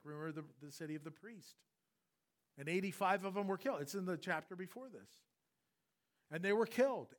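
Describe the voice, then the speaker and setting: A pastor preaching an expository sermon, acting out the voices of the people in the story. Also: male voice, high voice. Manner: animated, acts out voices of the story.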